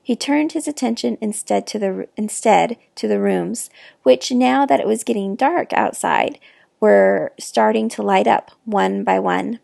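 A woman reading a children's novel aloud with expressive, clear narration. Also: mid-range voice, a little slow, no echo, studio quality. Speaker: reader. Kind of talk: storybook read-aloud.

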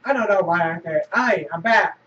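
Recorded on a distant lo-fi mic with slight background noise, this high-pitched man talks at normal speed through his horror game playthrough. As a gameplay video host in casual let's play mode, he swears, shouts at the game and vents frustration.

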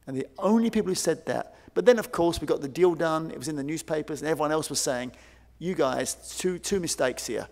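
A man giving a conference keynote, telling stories in an animated way and acting out quoted voices. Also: a little high, a little fast, hardly any pauses. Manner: animated, acts out quoted voices, many fillers. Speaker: keynote speaker. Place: large conference hall. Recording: long hall reverb.

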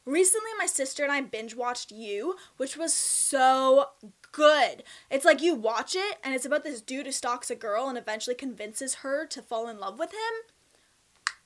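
Bubbly high-voiced Canadian woman vlogger. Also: unhurried. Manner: bubbly, chatty and expressive, with laughs and emphatic swings. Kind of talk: casual Q&A vlog.

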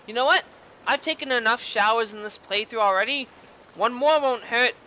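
Sharp, high-voiced woman, let's-play host, foul-mouthed and sarcastic, yelps at jump scares. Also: moderate pace, a little hiss or hum. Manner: profane, sarcastic running commentary; loud startled outbursts and taunting. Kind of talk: casual gameplay commentary.

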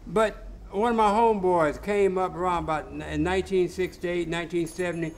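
A man's voice: sits high, steady tone, a little fast, gravelly, slight background noise. An older man telling his life story in a casual, colloquial interview and acting out the voices of people he quotes. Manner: colloquial, laid-back, acts out quoted voices. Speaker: interviewee, cowboy.

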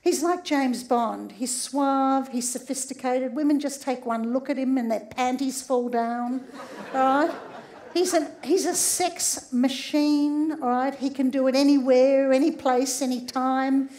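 A high-pitched middle-aged woman with an Australian accent delivers a public lecture as a sex therapist. She is humorous and keeps checking in with her audience as she goes. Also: fairly even intonation, unhurried, a little mellow, some chatter behind.

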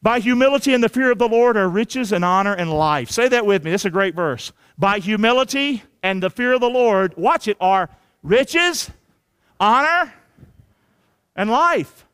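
A man preaching a sermon as pastor, energetic and colloquial, calling on the congregation to repeat lines after him. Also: high voice, moderate pace, clean tone. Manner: colloquial, drops into folksy slang. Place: church sanctuary.

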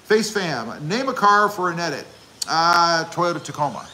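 A man hosts a relaxed livestream, answering viewer comments one by one with a chatty, joking manner and the odd playful bout of self-promotion. His voice sits a little high and rings bright and forceful. A faint hiss of background noise sits under the recording. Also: moderate pace. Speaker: channel host reading live chat. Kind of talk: casual livestream chat.

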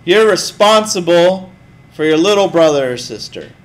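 Moderately paced and a touch high in pitch, a man lectures his students informally and with energy, frequently throwing questions their way.

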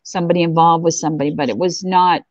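A woman's voice: deep voice, steady tone, fast talker, a little mellow, no echo. A middle-aged woman from Eastern Massachusetts with a Boston accent, chatting enthusiastically as an interview guest over lo-fi audio. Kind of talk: casual interview chat.

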